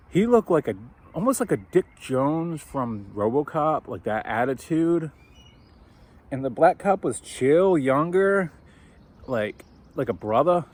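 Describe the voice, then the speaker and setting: A man casually telling a personal story over coffee, animated and swearing, acting out the voices of people he quotes. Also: medium pitch.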